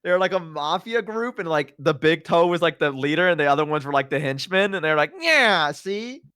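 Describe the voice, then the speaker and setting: A man's smooth, slightly high voice moves at a quick pace as he chats casually as a collab stream guest. His storytelling is animated and rambling, full of fillers and many a "like." The recording is dry and studio quality.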